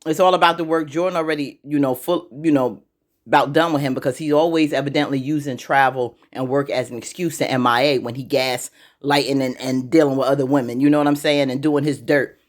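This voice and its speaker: A woman vlogger in casual chat, animated and slangy, acting out the characters as she talks. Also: very deep voice, brisk. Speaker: vlogger recapping a TV episode.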